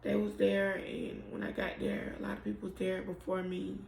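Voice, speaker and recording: Gravelly woman, halting and emotional. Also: mid-range voice, monotone, a little mellow, a little hiss or hum. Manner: halting, emotional, often trailing off. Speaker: mother telling her story. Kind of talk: personal storytelling to camera. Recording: roomy echo.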